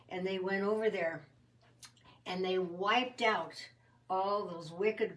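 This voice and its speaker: A woman casually telling a Bible story in a homey, rambling way, with fillers and quick self-corrections. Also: mid-range voice, distant mic, poor audio.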